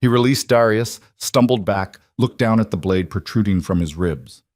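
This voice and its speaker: A man narrating a paranormal romance audiobook in a dramatic, measured way. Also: on the low side, darkish tone, dry recording, clean studio sound. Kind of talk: scripted narration.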